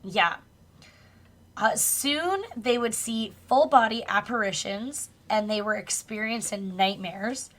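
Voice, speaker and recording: A woman co-hosting a podcast tells a spooky true story in a relaxed, chatty way. She swears casually now and then and laughs along with her co-host. Her voice sits in an ordinary middle pitch. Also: slow. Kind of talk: casual chat, retelling a true crime story.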